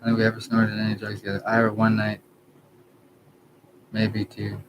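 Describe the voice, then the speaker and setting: A man in his thirties from Canada, talking in a halting, rambling personal monologue, trailing off and correcting himself. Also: lowish voice, monotone. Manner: halting, trails off, many restarts and self-corrections. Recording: background noise.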